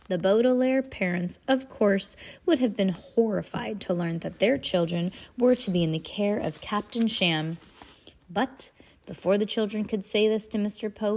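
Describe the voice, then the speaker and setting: A woman's voice: lowish voice, a little mellow. A woman reading a novel aloud in a casual way, stumbling and correcting words as she goes. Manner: reads aloud haltingly, stops to comment and laugh. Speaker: reader. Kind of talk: casual read-aloud with asides.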